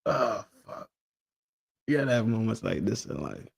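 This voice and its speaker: A man's voice: lowish voice, very animated, normal speed, creaky, breathy edge. A young man hosting a podcast, casually reacting to videos with slang and frequent laughter. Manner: laid-back, laughs often, slang-heavy.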